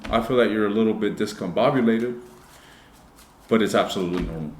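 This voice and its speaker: A low-voiced man reads tarot for his viewers in an echoey room, with faint noise behind him. He is blunt and swears freely. He moves between throwaway jokes and sincere, motivational advice. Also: fairly quick, a little mellow. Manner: blunt and profane, addresses viewers directly; shifts between joking asides and earnest advice. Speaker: tarot reader. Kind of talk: casual tarot reading to camera. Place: indoor room.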